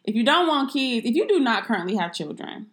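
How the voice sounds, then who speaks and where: A woman's voice: a little high, sing-song, a little fast, a bit bright. A young woman co-hosting a casual podcast, blunt and profane, ranting playfully. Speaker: podcast co-host.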